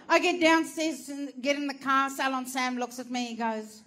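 A woman's voice: sits high, steady tone, normal speed, hardly any pauses, crowd noise, noisy background. An Australian woman doing stand-up storytelling, brash and sweary, laughing through her punchlines. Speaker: stand-up comedian.

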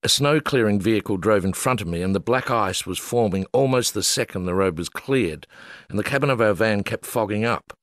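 A wry Australian man reads his own humorous travel memoir aloud in a somewhat low voice. His delivery is dry and self-mocking, and the recording is close and dead, with no room sound. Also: a little fast, a bit bright, no echo. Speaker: memoir narrator.

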